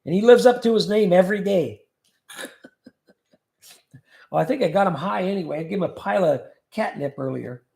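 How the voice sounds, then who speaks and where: A man's voice: high-pitched, expressive, a little fast, creaky, long pauses, darkish tone. A man hosting a livestream, casually chatting and joking as he reads viewer comments aloud. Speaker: livestream host. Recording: echoey room.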